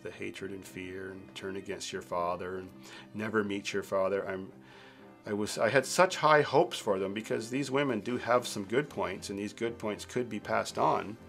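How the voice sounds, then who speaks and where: Aggrieved low-voiced man, faint music. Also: gravelly. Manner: aggrieved, halting with repeated restarts. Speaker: documentary interviewee. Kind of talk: interview talk.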